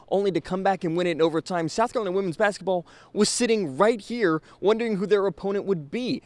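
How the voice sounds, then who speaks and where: Upbeat young male sports reporter, high voice. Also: darkish tone, dry recording. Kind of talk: broadcast news reporting.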